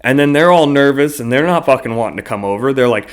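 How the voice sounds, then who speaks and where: A man's voice: medium pitch, lively intonation, fast. Rambling, swearing man hosting a podcast. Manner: rambling, loose and profane, heavy with fillers. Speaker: podcast host. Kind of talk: casual solo podcast monologue.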